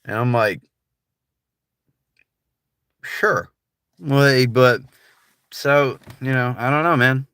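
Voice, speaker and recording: A man's voice: medium pitch, measured pace, a bit bright, smooth, dry recording. A man with a General American accent, chatting casually on a livestream in a laid-back, rambling way full of filler words. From United States.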